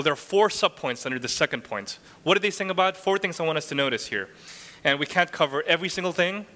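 A man's voice: fairly high pitch, sharp tone. A man preaching a sermon in an earnest, rhetorical way, often checking in with the listeners. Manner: earnest, rhetorical, frequent "right?" tags. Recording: long hall reverb.

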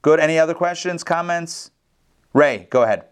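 A man teaching an online class, telling stories with lively acted-out voices over a video call. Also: a little high, moderate pace, smooth. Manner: animated storyteller, acts out the characters. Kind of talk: casual lecture with storytelling.

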